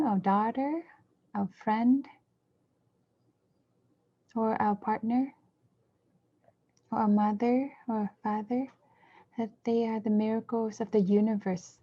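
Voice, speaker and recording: A woman interpreting a dharma talk, speaking in measured short phrases and now and then correcting herself mid-word. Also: on the high side, steady tone. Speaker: interpreter for a Buddhist teacher. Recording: dull lo-fi recording.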